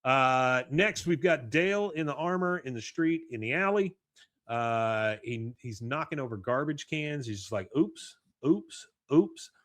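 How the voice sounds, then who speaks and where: Animated man recapping an episode. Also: mid-range voice, moderate pace, dry recording. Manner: animated retelling, chuckles often. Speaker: podcast host.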